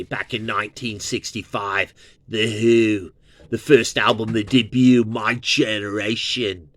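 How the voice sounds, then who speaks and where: A man's voice: on the low side, little pitch movement, takes it slowly, dry recording. A man in his fifties from Southern California, hosting his own show with a casual, rambling, profane music review. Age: 50s. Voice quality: profane, meandering, full of fillers.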